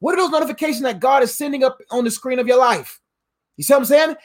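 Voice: high voice, quick pace. A pastor giving a conversational livestreamed sermon, repeating key lines and adding playful asides.

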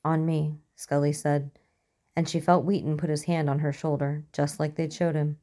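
A woman narrating a story in an even, measured way. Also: sits low.

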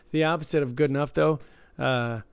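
A man's voice: fairly high pitch, steady tone, unhurried, gravelly, smooth. A man co-hosting a podcast, telling stories in casual chat and laughing often. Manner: laughing often, loose storytelling. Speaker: podcast co-host.

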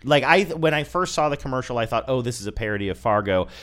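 A man's voice: mid-range voice, animated, quick pace, fairly bright tone. A man co-hosting a casual chat, thoughtful and prone to restarting his sentences. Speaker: podcast co-host. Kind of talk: casual chat reviewing commercials.

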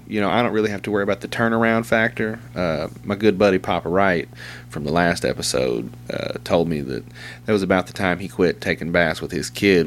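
A man's voice: deep voice, a bit bright, a little hiss or hum. A man telling crude, rambling stories in casual chat, swearing and laughing often. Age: young adult to middle-aged, father of a two-year-old.

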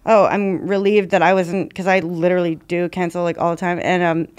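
A woman's voice: fairly low pitch, little pitch movement, brisk, darkish tone, clean tone. Rambling, self-reflective woman comedian. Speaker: stand-up comedian. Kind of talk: casual podcast chat.

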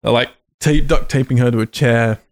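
Gravelly man recapping a movie. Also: mid-range voice, fairly even intonation, normal speed, no room sound, clean studio sound. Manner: profane, sarcastic recapping. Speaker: podcast co-host. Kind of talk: casual movie recap chat.

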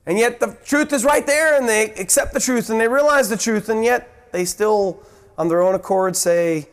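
A man with a high voice preaching an earnest sermon. He teaches from the Bible, often repeating and restarting his words, and shifts his pitch sharply up and down as he acts out the voices in the story. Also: normal speed, clean tone.

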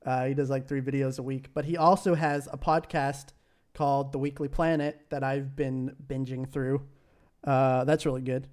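A man's voice: mid-range voice, little pitch movement, normal speed, a little mellow. A young man co-hosting a podcast in casual chat, hesitant with lots of fillers, laughing easily. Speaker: podcast co-host.

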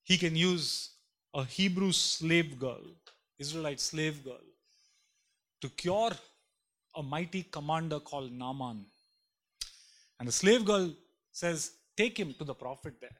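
A man preaching a sermon in a slightly higher voice. He talks emphatically and repeats key lines, building intensity as he goes. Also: animated, measured pace, pauses often. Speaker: pastor.

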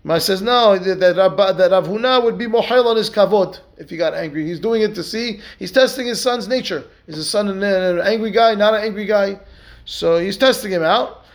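This high-pitched, brisk man is a rabbi giving a Talmud lesson. After reading Aramaic and Hebrew passages aloud, he breaks them down stage by stage, asking rhetorical questions and tossing in "right?" again and again to check his listeners are following.

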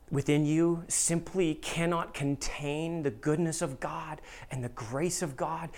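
The sermon comes from a pastor with a lively, expressive delivery. Quoted voices are pitched higher and animated, and his heartfelt appeals turn quiet and low.

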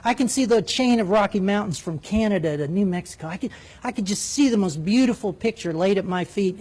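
A man, a former military jet pilot, telling a flying story in an animated way, acting out radio calls. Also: high voice. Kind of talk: spoken storytelling.

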